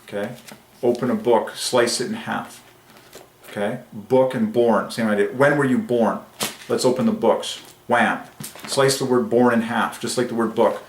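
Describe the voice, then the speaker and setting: A man hosting a religious numerology channel, speaking in an excited monologue that swings between rapturous bursts and quiet musing. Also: medium pitch, a little slow, reverberant, slight background noise.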